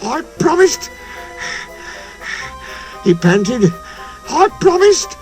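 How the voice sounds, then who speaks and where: A man voicing a small, eager young male steam engine who cries out in high, fretful bursts and pants with effort. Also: animated, unhurried, soft background music. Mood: straining.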